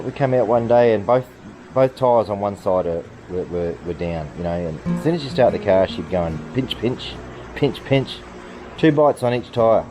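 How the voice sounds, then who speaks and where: Deep-voiced Australian man chatting casually. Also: background noise. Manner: rambling, talks fondly to his dog. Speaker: farm vlogger. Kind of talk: casual chat to camera.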